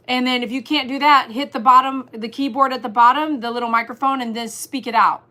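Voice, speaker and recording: A woman hosting a casual livestream, chatting and reading viewers' comments aloud, animated and laughing often. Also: sits high, fairly quick. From Texas. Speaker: livestream host.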